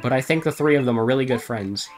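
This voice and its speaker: A man's voice: mid-range voice, fast, soft background music. Man reading garbled game dialogue aloud. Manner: reads deadpan, breaks into laughter.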